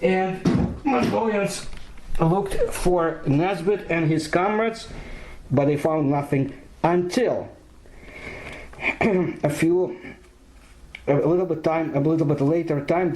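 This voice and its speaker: A man narrates in English, slow and halting, pausing with fillers as he searches for words. His voice is dark and mellow, sitting a little high for a man. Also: a little hiss or hum, low-quality recording. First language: Russian. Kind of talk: narration in a played video.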